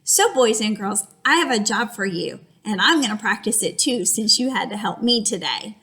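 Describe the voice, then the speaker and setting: A woman teacher giving an animated reading lesson to young children, using an exaggerated, expressive voice. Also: medium pitch, moderate pace.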